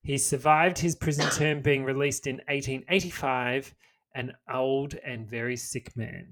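A man's voice: medium pitch, fairly even intonation, measured pace, fairly bright tone. An Australian man with an everyday mid-range voice reads a history story for a podcast. He mixes the scripted telling with loose, sweary asides to his co-host. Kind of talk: reading a history story aloud, with casual banter.

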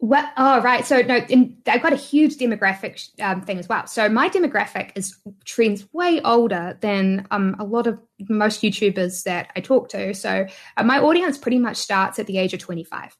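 A woman's voice: medium pitch, animated, moderate pace, hardly any pauses. A woman with a New Zealand accent, a YouTuber guest chatting casually in an interview, laughing often and filling her talk with ums and restarts. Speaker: guest, online business YouTuber.

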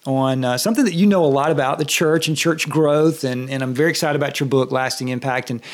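A man's voice: medium pitch, fast. Enthusiastic Southern man interviewing. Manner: enthusiastic, repeats words when starting sentences. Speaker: guest interviewer, church leader. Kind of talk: casual podcast interview. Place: office studio at a lakeside retreat.

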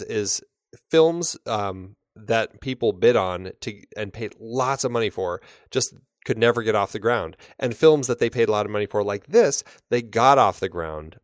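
A man's voice: fairly low pitch, no room sound, clean studio sound. A man co-hosting a film podcast, talking casually and rambling, with many fillers and restarts. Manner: laughs easily. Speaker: podcast co-host.

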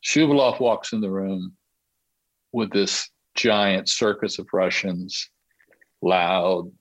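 A man tells a long anecdote as a podcast guest, his fairly low voice animated and often breaking into laughter. The recording is dry and close, with almost no room sound. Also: slow, no room sound, rough recording. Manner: lively storyteller who laughs through his own tale. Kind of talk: anecdotal storytelling.

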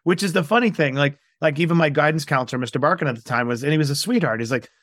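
A man in his forties from New York, a guest entrepreneur telling his life story in an interview, animated and acting out dialogue. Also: fairly high pitch, racing, few pauses, no room sound, clean studio sound. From New York, USA. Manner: animated, acts out quoted dialogue.

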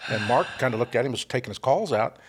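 An older man with a gravelly, husky voice, telling hunting stories in a lively way and acting out the people in them. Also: medium pitch, fast talker, a little hiss or hum. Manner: animated storyteller, acts out voices in quotes. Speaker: guest co-host, veteran turkey hunter. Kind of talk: casual storytelling chat.

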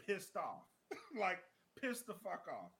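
A man in his thirties, a podcast co-host, telling a story in casual chat, laughing often and acting out shouted quotes. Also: high voice, wildly swooping pitch, slow, creaky.

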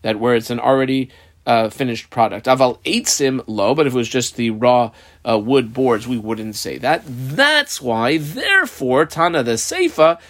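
Male Talmud teacher, mid-pitched voice, methodical step-by-step explainer who guides listeners through marking up the text. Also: animated, moderate pace, fairly bright tone. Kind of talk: text study lesson.

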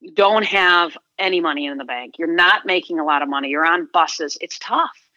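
A woman's voice: fairly low pitch, normal speed, sharp tone, dry recording, highs cut off. A middle-aged woman guest, a sports agent, talking earnestly and reflectively in an interview, often restarting her sentences. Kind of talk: conversational interview.

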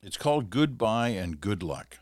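A man hosting a podcast, reading an article aloud with relaxed, conversational asides. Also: lowish voice, a little slow, no room sound, clean studio sound. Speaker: podcast host.

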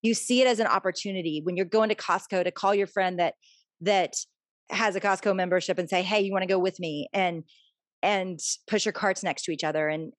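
A woman's voice: lowish voice, no room sound, studio quality. A middle-aged woman author talking earnestly and openly as a guest in a conversation. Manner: earnest, confessional, animated when telling stories. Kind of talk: conversational interview.

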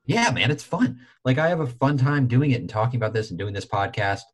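A young man co-hosting a sports podcast, chatting casually with heated opinions and leaping up in pitch to stress his points. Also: brisk, husky, low-quality recording. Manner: animated, heated opinions with frequent filler "like". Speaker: podcast co-host.

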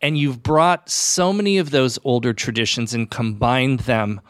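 A man's voice: medium pitch, measured pace, a bit bright, smooth. A man interviewing a guest, asking questions in a friendly way.

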